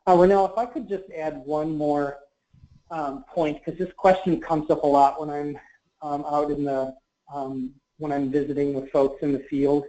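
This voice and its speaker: A man's voice: a little high, steady tone, normal speed, dark tone. A man answering questions in a webinar, explaining policy carefully and hedging, with many fillers. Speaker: government marketplace representative. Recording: muffled webinar audio.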